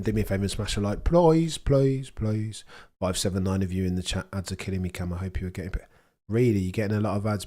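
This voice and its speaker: Guy on a stream, lowish voice, chatty and jokey with chat, reacting live. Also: warm tone. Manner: chatty, joking, reacting to the action. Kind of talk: casual live commentary.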